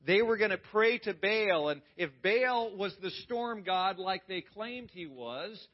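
High-voiced pastor telling a dramatic sermon. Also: male voice, unhurried, highs cut off. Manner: dramatic, animated retelling with swings from loud to hushed. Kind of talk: storytelling sermon.

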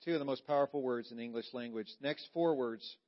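A man preaching a sermon as pastor, stressing key words loudly and then dropping to hushed, intimate lines. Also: mid-range voice, fast, dull audio.

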